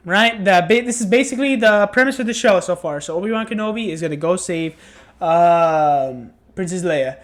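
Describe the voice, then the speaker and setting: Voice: mid-range voice, normal speed. A tired, yawning reviewer talking through a casual spoken review in a rambling, exasperated way, with many restarts. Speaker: show reviewer.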